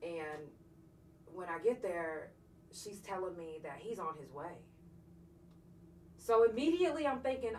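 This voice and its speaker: A woman's voice: on the low side, animated, unhurried, pauses often, a little mellow, recorded from a distance. A woman hosting her own podcast tells a hard personal story with blunt, profane candor. She sounds set back from the mic in an echoing room, with a faint hiss of noise behind her. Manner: blunt, profane, emotionally charged retelling. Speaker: podcast host. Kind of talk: candid personal storytelling on a livestream.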